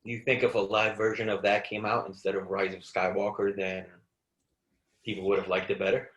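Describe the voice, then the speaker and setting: A man in relaxed casual chat who asks easygoing questions. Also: lowish voice, brisk, roomy sound, slight background noise, poor audio. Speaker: co-host.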